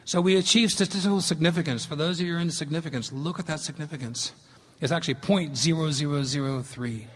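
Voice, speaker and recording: A man's voice: fairly high pitch, fast talker, a bit bright, a little hiss or hum. Man lecturing in a reverberant hall. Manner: earnest, emphatic storytelling. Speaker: speaker giving a talk. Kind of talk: public lecture with slides.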